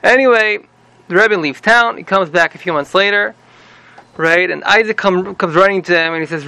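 A man telling a long joke in a lively way, acting out the characters and laughing at his own punchlines. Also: high-pitched, normal speed, vocal fry, smooth, no echo, rough recording. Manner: animated, voices the rabbi and husband, laughs at own jokes. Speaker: joke teller.

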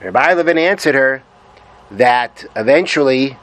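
A man's voice: fairly high pitch, lively intonation, normal speed, fairly bright tone, low-quality recording. A man giving a Torah lesson, reading Hebrew sources aloud and translating them, explaining patiently and repeating his points. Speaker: Torah teacher.

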